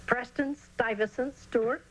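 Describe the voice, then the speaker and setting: A woman voicing a friendly, excited young boy in a children's storybook reading. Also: fairly high pitch, measured pace, pitched above the performer's own voice, lightly acted, low-quality recording.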